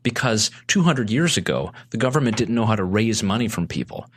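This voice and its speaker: A man's voice: lowish voice, very animated, brisk, breathy edge. A man talking as a podcast guest, earnest and persuasive, often restarting his sentences. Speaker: guest, consumer advocate. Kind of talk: casual podcast chat.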